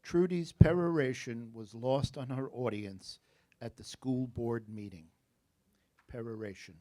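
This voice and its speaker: A man with a New Jersey accent, working as a spelling bee pronouncer. He reads words, definitions and example sentences in a measured, deliberate way and drops in joking asides. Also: mid-range voice, mellow.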